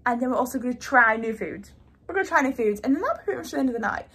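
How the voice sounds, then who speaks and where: A woman's voice: fairly high pitch, expressive, rapid-fire, a bit bright, reverberant. A young woman vlogging in a casual, chatty way, a bit dramatic, talking to camera in her bedroom.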